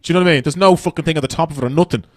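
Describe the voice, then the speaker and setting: A man's voice: a little high, very fast. An Irish man doing stand-up comedy on a festival stage, brash and profane, rambling through his stories.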